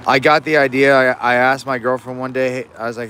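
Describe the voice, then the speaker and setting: A man's voice: mid-range voice, slow pace, pauses often, pushed and bright, slight background noise. A young man in Alaska chatting casually on a fishing livestream, rambling and easygoing with many restarts, recorded outdoors in the rain on a phone.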